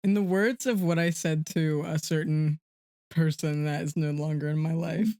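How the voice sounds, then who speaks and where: A young man co-hosting a podcast, sharing earnest opinions in a casual, halting way. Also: fairly high pitch, fairly even intonation, darkish tone, smooth, no room sound, clean studio sound. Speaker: podcast co-host. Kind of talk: casual chat.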